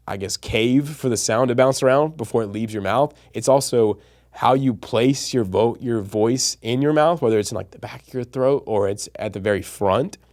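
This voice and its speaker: A man's voice: mid-range voice, a little mellow. A man hosting a casual educational vlog, talking straight to his viewers in an enthusiastic, nerdy, chatty way. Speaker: channel host and coach.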